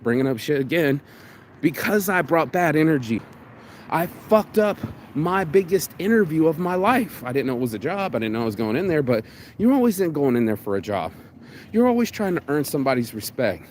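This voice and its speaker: Male vlogger, mid-pitched voice, casual storytelling rant, cusses a lot and rambles, faint background noise. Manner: profane, rambling, animated storytelling.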